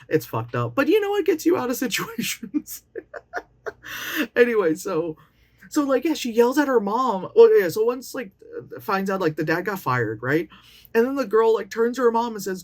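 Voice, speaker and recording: A woman in her late thirties giving a casual, profane movie review, animated and often mocking characters in put-on voices. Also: mid-range voice, moderate pace. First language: Chinese. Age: late 30s.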